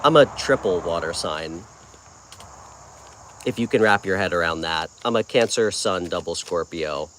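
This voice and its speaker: A man's voice: low-pitched, expressive, moderate pace, a bit bright, a little hiss or hum. A man hosting a casual live tarot stream, talking in a friendly, chatty way as he answers viewers' comments. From New York. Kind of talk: casual livestream chat with viewers.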